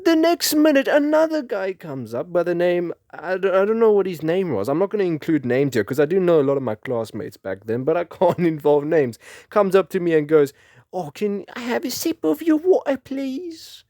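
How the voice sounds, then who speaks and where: A young man from Africa, telling a rambling, animated story and laughing often. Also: a little high, a little fast, dry recording, clean studio sound. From South Africa. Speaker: vlogger. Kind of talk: casual storytelling.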